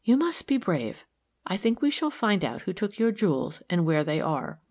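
A woman reading the part of a calm, gentle woman who asks steady, careful questions, in an audiobook. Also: fairly low pitch, normal speed. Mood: reassuring.

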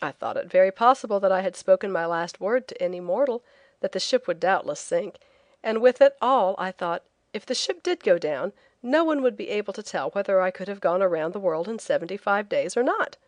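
A woman reading a travel memoir as an audiobook narrator, telling it in a clear, lively way. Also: mid-range voice, fairly quick, no room sound.

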